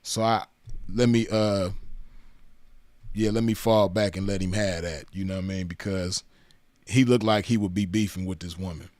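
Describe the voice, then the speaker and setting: A man's voice: sits low, fairly even intonation, normal speed, pauses often, darkish tone, no room sound. A man mocking and roasting clips in profane reaction commentary, laughing often.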